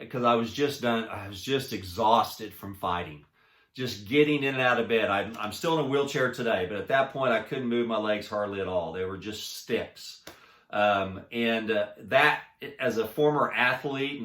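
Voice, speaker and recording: Man, inspirational personal talk, halting and earnest, soft then emphatic, roomy echo. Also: medium pitch. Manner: earnest, halting, with many restarts; swings between soft and emphatic. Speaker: motivational speaker.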